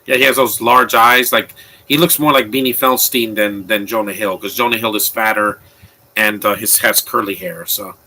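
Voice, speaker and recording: A man's voice: lowish voice, steady tone, moderate pace, pushed and bright, poor audio. A man giving casual, opinionated live commentary on a movie, rambling with frequent restarts. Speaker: film commentator.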